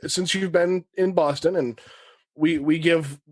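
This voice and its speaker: A man with a fairly high voice hosts a sports podcast, chipping in short, easygoing reactions and asking loose questions. His sound is dry and close, with no room around it. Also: unhurried, no room sound. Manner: relaxed, brief reactions and questions. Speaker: podcast host. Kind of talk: casual interview chat.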